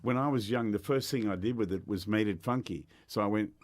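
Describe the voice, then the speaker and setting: An older Australian man, a guest musician, telling stories in a chatty, animated way with lots of fillers in a radio interview. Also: lowish voice, a little fast, over loud music. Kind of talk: casual storytelling in a radio interview.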